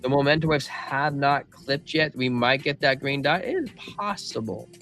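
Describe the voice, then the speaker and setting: A man's voice: mid-range voice, level tone, moderate pace, fairly bright tone, faint music behind. A man hosting a live crypto stream, talking through price charts and reading viewers' chat in a casual, slangy way. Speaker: crypto livestream host.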